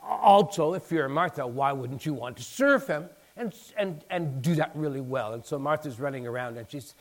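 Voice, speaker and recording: A man preaching a sermon in an animated way, acting out bits of dialogue and building to emphatic peaks. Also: a little high, moderate pace, hardly any pauses. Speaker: pastor.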